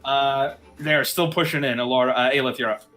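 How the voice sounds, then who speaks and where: A male game master narrating a tabletop game in a casual, meandering way, with frequent fillers. His voice is bright and middle-pitched, and faint music plays underneath. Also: fairly even intonation, brisk.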